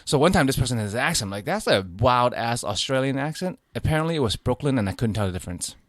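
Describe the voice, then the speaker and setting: A man in casual podcast chat, middle in pitch, who tells stories loosely, swears freely and laughs often. His voice is recorded close and dry, with no room sound. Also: quick pace, no room sound. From Maryland. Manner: swearing, laughing, excitable storyteller. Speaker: podcast co-host.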